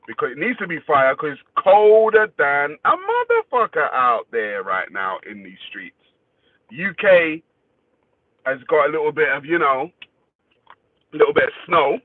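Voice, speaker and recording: A man's voice: a little high, no echo. A man hosting a casual livestream, greeting viewers by name, reading their comments and swearing freely. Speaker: livestream host. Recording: dry, phone-like thin sound.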